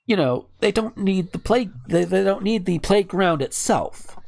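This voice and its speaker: A man's voice: high-pitched, lively intonation, a little slow, vocal fry, a little mellow. A man hosts a casual podcast, reading news stories and breaking into sarcastic, profane asides. His voice swings widely up and down as he talks. He sounds chatty and a bit ranty. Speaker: podcast host.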